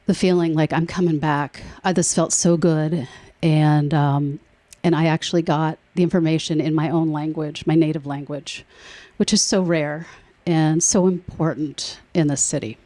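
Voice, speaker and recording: Low-voiced woman giving an emotional speech. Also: little pitch movement, unhurried, no room sound. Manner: emotional, warm storytelling with laughs. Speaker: nonprofit board treasurer. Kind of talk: speech at a public event.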